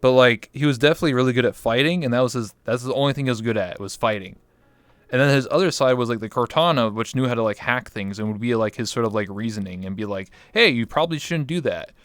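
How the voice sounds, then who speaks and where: A man's voice: medium pitch, quick pace, no room sound. A man as a podcast guest, chatting casually and telling rambling, filler-heavy stories with some swearing. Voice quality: smooth, clear voice. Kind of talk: casual interview chat.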